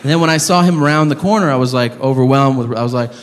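A man performing a stand-up comedy set, telling a story loudly and incredulously and shouting out the lines he acts out, on a club stage with the audience laughing. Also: mid-range voice, fast. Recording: reverberant live venue with crowd noise.

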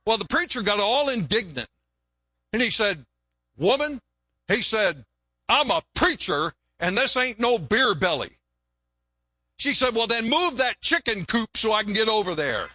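A man's voice: sits high, pushed and bright, no room sound. An older pastor preaching a sermon in a folksy, joke-telling way, often repeating his words. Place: church.

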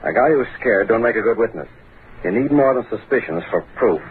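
An actor playing a cool, self-assured gang boss in a 1940s radio drama, heard through a tinny old broadcast recording. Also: male voice, fairly low pitch, lively intonation, brisk, slight background noise, natural voice. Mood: smug. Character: scheming adult male gang boss running a protection racket.

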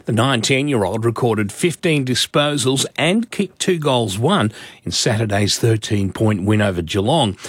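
A man reading the radio sports news in a brisk, formal way. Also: medium pitch, expressive, husky, dry recording. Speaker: sports newsreader.

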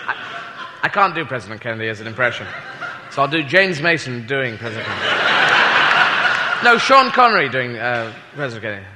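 A man's voice: medium pitch, sing-song, fast, long pauses. A British man doing a rambling, self-mocking stand-up comedy set before a live audience. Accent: British English. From Britain. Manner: rambling, self-mocking, slips into silly voices. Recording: echoey hall with audience noise.

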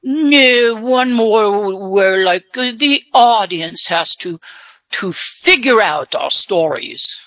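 A woman's voice: animated, a bit bright, no echo. Woman with a put-on English accent. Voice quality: deep-pitched. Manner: hesitant, halting with many fillers. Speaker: mystery guest. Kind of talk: radio guessing-game interview.

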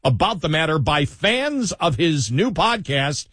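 A man's voice: a little high, big pitch swings, measured pace, fairly bright tone, breathy edge, no room sound, studio quality. A man with a Buffalo accent co-hosting a talk radio show, chatting casually and leaning on fillers. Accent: Buffalo, New York. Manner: chatty, leans on fillers, laughs often. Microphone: studio microphone.

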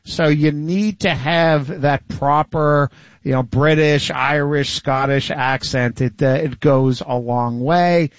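A man's voice: a little high, takes it slowly, no room sound, lo-fi sound. A man co-hosting a sports radio show, chatting casually and joking around. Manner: playful, jokey banter. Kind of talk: casual chat.

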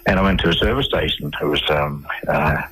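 An Australian man with a very low, husky voice tells his stories to a radio host. He rambles, stalls on fillers and starts his sentences over. The sound carries a radio broadcast quality. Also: a little fast, fairly bright tone, poor audio. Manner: rambling, with many fillers and restarts. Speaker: radio interview guest. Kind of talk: conversational storytelling.

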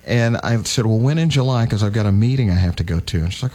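A man's voice: on the low side, expressive, fast, few pauses, dark tone. A man in casual conversation, telling a family story and acting out the voices of the people in it. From Florida. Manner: storytelling, acts out quoted voices.

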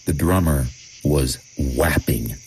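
A man's voice: very deep voice, slow, darkish tone, slight background noise, low-quality recording. A man narrating a personal anecdote in the first person, in a wry, emphatic manner. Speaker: storyteller.

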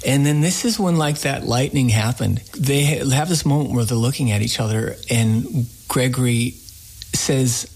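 A radio show host tells a story during a casual interview, sounding animated and using plenty of fillers. His voice is mid-range and he speaks a little slowly.

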